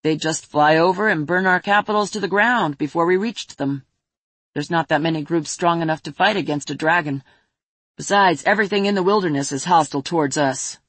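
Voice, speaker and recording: A woman reads a grave adult adventurer in a lowered, breathy voice. He answers flatly, with tired certainty. The sound is dry and close. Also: brisk, no echo. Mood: calm, firm. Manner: flat, serious, matter-of-fact. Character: stern adult male adventurer, calm, weary.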